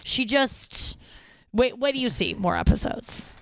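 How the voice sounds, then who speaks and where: A young woman hosts a relaxed family podcast, chatty and animated with quick opinions. Her voice is smooth and clear. The sound is close and dry. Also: a little high, dry recording. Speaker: podcast host. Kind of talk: casual family chat.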